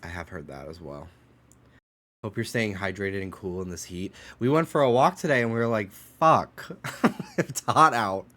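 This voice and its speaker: A man's voice: lowish voice, lively intonation, normal speed, sharp tone. A man casually commenting while streaming a game and reading its text aloud, a bit stuffed up, chatty and swearing now and then. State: stuffed up nose.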